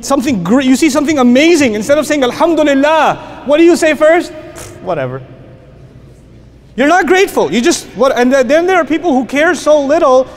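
A middle-aged man giving an animated religious talk, acting out classroom stories and dropping to hushed tones. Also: very high-pitched. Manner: animated storyteller, acts out scenes, drops to quiet hushed tones. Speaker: Islamic teacher and speaker. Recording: long reverb of a hall, faint noise.

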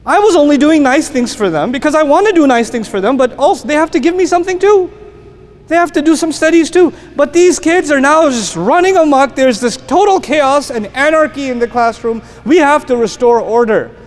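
High-voiced man telling stories in a hall. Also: brisk. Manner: animated storyteller, acts out scenes, drops to quiet hushed tones. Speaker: Islamic teacher and speaker. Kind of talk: religious talk with storytelling. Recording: long reverb of a hall, faint noise.

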